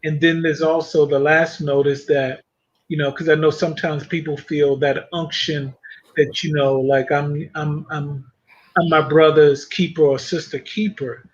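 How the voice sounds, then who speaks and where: A man on a Christian panel, sharing reflections on faith in a thoughtful, measured way. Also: a little high, flat delivery. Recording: muffled lo-fi audio.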